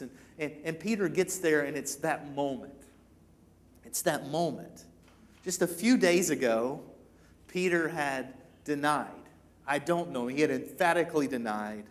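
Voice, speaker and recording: A man preaching to a church congregation, talking in a casual, conversational way and acting out the quoted lines. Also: on the high side. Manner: conversational, acts out quoted lines, many repeats. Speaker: pastor. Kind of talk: sermon.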